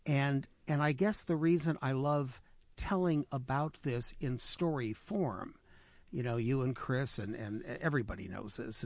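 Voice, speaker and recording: Man, storyteller guest, radio chat, halting, reflective, dry close sound. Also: mid-range voice, no room sound. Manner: halting, repeats words, reflective. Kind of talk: radio conversation. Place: radio studio.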